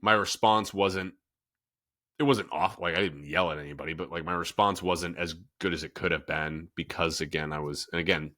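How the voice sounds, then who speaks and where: A man in his thirties, a fitness coach, hosts a casual podcast, speaking candidly and self-reflectively with many fillers and restarts. His low voice holds a steady, sharp tone at normal speed.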